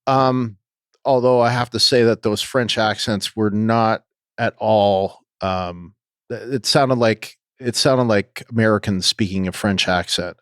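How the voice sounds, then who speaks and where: A man co-hosting a podcast, talking casually and haltingly with many ums and restarts. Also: lowish voice, clean tone, no echo, clean studio sound. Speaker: podcast co-host.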